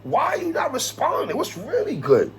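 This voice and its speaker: Man putting on a mocking high rapper voice, impatient and needling, very lively up and down. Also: normal speed, full character voice. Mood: taunting. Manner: taunting, impatient questions. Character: impression of a famous male rapper, taunting, high-pitched.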